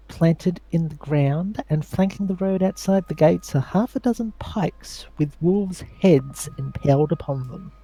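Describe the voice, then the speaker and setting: Brief: measured game-master narrator, man, with some vocal fry. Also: on the high side, warm tone.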